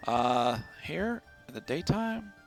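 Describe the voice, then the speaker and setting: A man's voice: on the high side, sing-song, slow, vocal fry, poor audio. A man from the central United States streaming a game from home, chatting and rambling to himself as he plays. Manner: chatty, rambling, talks to himself while playing. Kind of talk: casual gameplay commentary. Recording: stream with background music.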